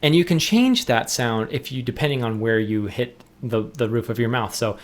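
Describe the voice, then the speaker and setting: Man teaching jaw harp, relaxed. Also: mid-range voice, moderate pace. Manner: relaxed, explanatory, with frequent restarts. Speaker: music teacher. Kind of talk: instructional tutorial.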